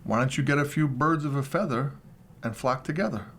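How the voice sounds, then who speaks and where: A man's voice: medium pitch, a little fast, fairly bright tone, slight background noise, natural voice. A man reading aloud the lines of a friendly, teasing cartoon beagle from a comic strip, with some extra lift in his voice.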